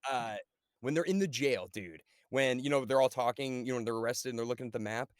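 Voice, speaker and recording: A man's voice: mid-range voice, fast, clear, resonant tone, no room sound, studio quality. A man co-hosting a casual podcast chat, telling a story, swearing freely and acting out the lines he quotes. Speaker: podcast co-host.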